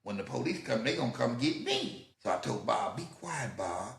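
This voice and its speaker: Recorded in an echoey room, a medium-pitched, creaky male voice speaks fairly quickly and very animatedly. It's an older man spinning casual podcast stories from his youth, doing other people's voices, swearing freely, and laughing a lot.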